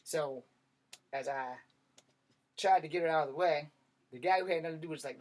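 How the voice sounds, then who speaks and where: A man telling a personal story in a blunt, profane, animated way. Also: a little high, moderate pace. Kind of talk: casual storytelling monologue.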